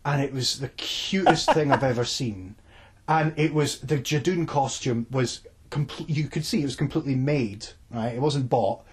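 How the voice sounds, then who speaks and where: Un uomo con scozzese, co-conduttore di un podcast, racconta con foga in una chiacchierata informale, pieno di parolacce e frasi ripetute, registrato al telefono. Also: male voice, medium pitch, breathy edge. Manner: animated storytelling, sweary, many restarts. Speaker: podcast co-host. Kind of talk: casual chat. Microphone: phone line.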